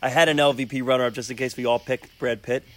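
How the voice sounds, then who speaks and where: A man hosting a casual movie review podcast, animated, laughing often and repeating words. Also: mid-range voice, fast talker. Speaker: podcast host.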